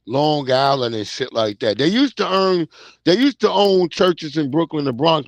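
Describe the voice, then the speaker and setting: New dude rambling, cussing, kinda high voice, dry sound. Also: male voice, no room sound. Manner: profane, loose storytelling with frequent restarts. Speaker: podcast co-host. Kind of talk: casual chat.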